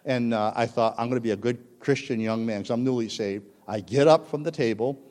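A man's voice: medium pitch, brisk, a little mellow. A man preaching a sermon, telling a story animatedly and acting out the voices in it. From Italian-American family. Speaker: pastor. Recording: long reverb of a large hall.

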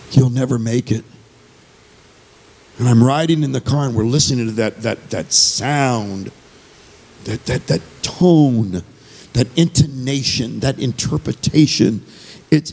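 A man's voice: mid-range voice, vocal fry, darkish tone, husky. A man giving an earnest, conversational sermon as a visiting speaker and singer, repeating phrases as he goes.

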